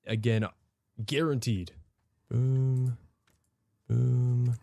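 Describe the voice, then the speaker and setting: A man playing a game live and reacting excitedly to each attempt, exclaiming in disbelief. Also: mid-range voice, very slow, vocal fry, no room sound. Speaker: player. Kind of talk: live gaming talk.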